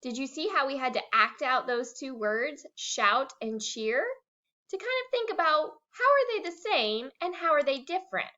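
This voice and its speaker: A woman's voice: sits high, normal speed, hardly any pauses. A woman teacher giving a recorded reading lesson for young children, acting out words as she goes. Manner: animated, acts out words. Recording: dull lo-fi recording.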